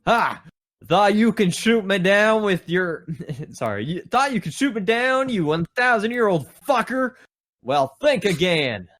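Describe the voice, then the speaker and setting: A man's voice: high voice, very animated, a little slow, voice pushed up, heavily acted. A man voicing a cocky young male blimp pilot in a mock cowboy manner during a casual fan-fiction reading. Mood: taunting. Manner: taunting, triumphant yelling at the sky.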